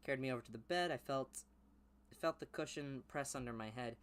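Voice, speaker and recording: Young guy mumbling through his cringey old story then yelling jokes at it. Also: mid-range voice, brisk, clear, resonant tone. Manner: flat mumbled reading broken by loud mocking outbursts. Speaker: YouTuber reading his childhood writing. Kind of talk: comic reading with commentary.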